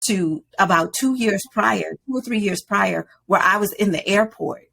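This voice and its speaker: A woman in her forties, a podcast guest, telling a personal story in an animated way. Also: mid-range voice, moderate pace, vocal fry, slight background noise. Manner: animated storyteller, acts out quoted voices.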